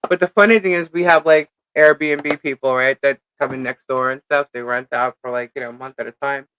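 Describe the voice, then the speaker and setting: A woman's voice: a bass voice, steady tone, brisk, clear, resonant tone, lo-fi sound. A woman co-hosting a live stream, telling a rambling story in casual chat, laughing often and filling with "uh" and "like".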